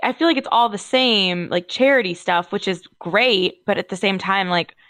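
A woman's voice: mid-range voice, normal speed, a bit bright, no room sound. A woman co-hosting a gossip podcast, chatty and self-mocking, with frequent "like". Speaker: podcast co-host. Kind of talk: casual celebrity gossip chat.

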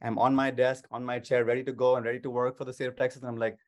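A man's voice: mid-range voice, level tone, very fast, a little mellow. A man, a state legislator, answering interview questions over a video call in an upbeat, eager way, with many restarts.

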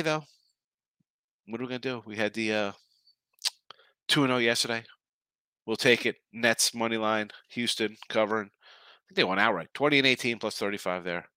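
A man hosting a sports betting picks show who calls himself an old guy, ranting in a gruff, sarcastic, scolding way with repeated short jabs before running through his picks. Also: on the low side, pushed and bright, dry recording. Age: older.

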